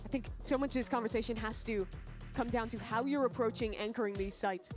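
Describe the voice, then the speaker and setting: Fast-talking female esports analyst. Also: fairly high pitch, music in the background. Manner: analytical, explains strategy in long run-on thoughts. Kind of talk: color commentary.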